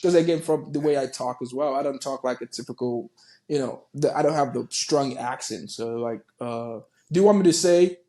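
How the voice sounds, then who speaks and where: A man's voice: mid-range voice, fairly even intonation, normal speed, a little mellow. A man from Nigeria, a guest on a podcast, talking casually and animatedly with swearing and repeated words.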